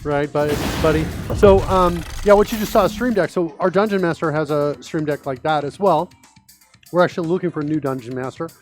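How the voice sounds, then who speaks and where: A middle-aged man talks through code on a live stream in a casual, rambling way, full of ums and uhs. His voice sits a touch high. Faint music plays underneath. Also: brisk. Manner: chatty, rambling with many fillers. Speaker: host. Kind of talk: live-streamed coding chat.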